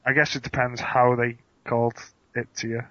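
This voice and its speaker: A man's voice: mid-range voice, little pitch movement, fairly quick, sharp tone, no echo. A young man co-hosting a podcast, teasing and laughing easily in casual chat. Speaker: podcast co-host. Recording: dry, slightly muffled lo-fi audio.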